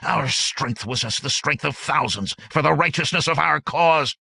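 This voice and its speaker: A man voicing a hard, contemptuous army captain who speaks low and forcefully. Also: moderate pace, vocal fry, slightly rough, no echo, heavily acted. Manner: growling, contemptuous. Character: hard veteran captain, middle-aged, stern and forceful.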